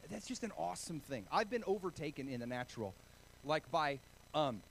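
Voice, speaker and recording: A man from Oregon preaching a sermon, telling stories with animated, self-deprecating humor. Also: a little high, brisk, vocal fry, slight background noise, low-quality recording. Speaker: pastor.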